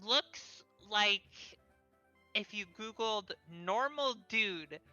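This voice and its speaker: Lively giggly woman game master. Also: medium pitch, extremely slow, dull audio, music in the background. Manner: giggly, lively, chatty with fillers. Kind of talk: narrating a tabletop role-play game.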